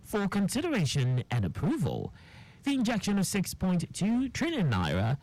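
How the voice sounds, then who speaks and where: A newsreader, reading a radio news bulletin in a formal, measured way. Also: medium pitch, poor audio. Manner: formal, measured read with lively intonation.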